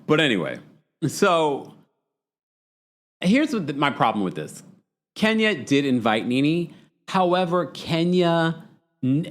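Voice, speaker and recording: A man hosting a casual livestream, chatting and reading viewer comments, with a dry mouth. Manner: chatty, animated, jumps into high voices when quoting. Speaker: host.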